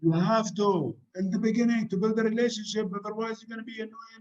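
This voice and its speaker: A man's voice: high voice, fairly quick, hardly any pauses, a little mellow. A man from the UAE speaking casually to an audience about etiquette, chatty and direct with many fillers and asides. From United Arab Emirates. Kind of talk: informal talk to an audience. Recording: slightly dull, lo-fi sound.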